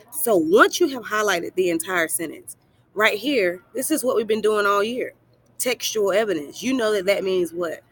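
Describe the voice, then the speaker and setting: A woman's voice: mid-range voice, slightly rough. A woman teacher talking students through a worksheet in a recorded lesson, asking questions and answering them herself, and reassuring them. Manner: encouraging, affectionate toward students. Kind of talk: recorded screen-share lesson.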